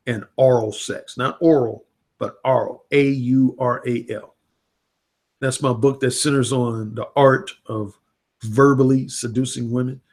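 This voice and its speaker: A man, a dating coach, talking casually and frankly into a livestream webcam, with plenty of blunt, profane language. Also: medium pitch. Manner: frank, unfiltered, profane talk.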